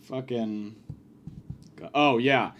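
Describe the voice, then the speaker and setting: A man's voice: medium pitch, steady tone, drawn-out words, highs cut off, slight background noise. A man hosting a comedy podcast, telling stories in a profane, exasperated rant. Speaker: podcast host.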